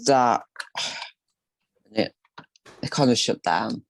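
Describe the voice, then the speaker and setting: A man co-hosting a podcast, giving short, relaxed replies in casual chat. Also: medium pitch, drawn-out words, gravelly. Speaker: podcast co-host.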